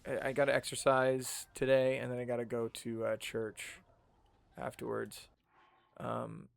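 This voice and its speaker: A man chatting over his gameplay in an unhurried, rambling way, leaning on slang and filler words. His voice sits at an ordinary pitch with a gravelly, creaky edge, and he takes his time between thoughts. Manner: rambling, laid-back, full of fillers and slang. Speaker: game streamer. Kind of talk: casual gameplay commentary.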